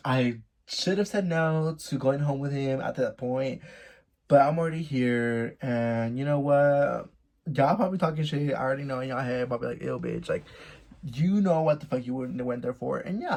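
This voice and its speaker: A young man telling a story-time tale to his viewers in a casual, animated, gossipy way, laughing often and swearing freely. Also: mid-range voice, gravelly. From Mexico.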